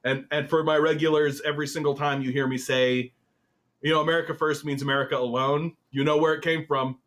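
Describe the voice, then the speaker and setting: A man hosting a political commentary show, reading an article aloud and reacting to it in an animated, swearing, exasperated way. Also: fairly high pitch, a little fast. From Canada.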